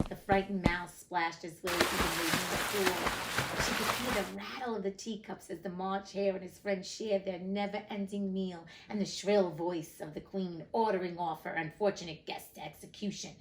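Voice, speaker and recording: A woman's voice: mid-range voice, a little mellow, a little hiss or hum, low-quality recording. A woman reading a classic storybook aloud, with chatty, emotional asides to listeners. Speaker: reader of classic books.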